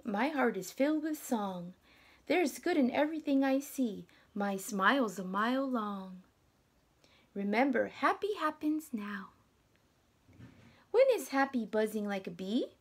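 A young woman teacher reading a picture book aloud to children, gentle and dropping to whispers, asking them questions. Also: a little high, breathy edge.

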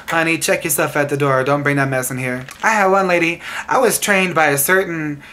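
A woman's voice: low-pitched, a little fast, a bit bright. A woman hairstylist telling sassy, exasperated stories to camera about rude salon clients, laughing as she goes. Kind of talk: venting storytime to camera.

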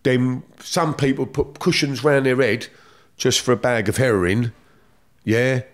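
A man's voice: medium pitch, unhurried. A middle-aged man with a London accent, telling stories from his past in blunt, streetwise slang, swearing freely. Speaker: guest. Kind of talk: casual storytelling.

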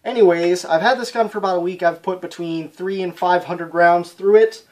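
A man's voice: high voice, steady tone, normal speed, a little mellow. A man casually reviewing an airsoft rifle for his channel, talking plainly with lots of ums and sounding a little out of breath. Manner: chatty, frequent ums, plainspoken. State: slightly out of breath.

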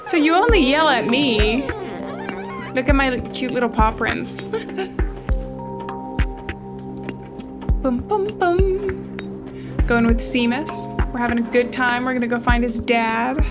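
A woman's voice: fairly high pitch, normal speed. Chatty woman giving game commentary. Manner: chatty, playful, talks to the game and her viewers. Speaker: gaming streamer. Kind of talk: let's play commentary. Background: game music.

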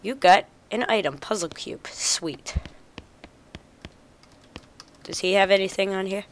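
Woman gamer, let's play commentary, reads game text aloud, slow delivery. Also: medium pitch, slight background noise.

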